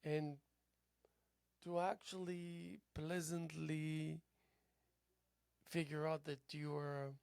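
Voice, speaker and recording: Slow, gravelly, halting male host. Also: on the high side, level tone, dry recording. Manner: slow, halting, repeats words, drifts into soft whispers. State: tired, yawning. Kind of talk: rambling philosophical monologue. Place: local cable TV studio.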